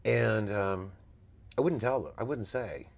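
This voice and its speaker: A man's voice: fairly low pitch, unhurried, creaky. A man, a former talent agent, telling blunt, emphatic stories as an interview guest. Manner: emphatic, blunt, animated storyteller.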